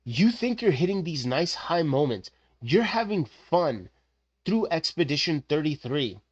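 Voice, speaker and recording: A man streaming live, chatting casually in an animated, rambling way with lots of fillers. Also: on the high side, unhurried, lo-fi sound.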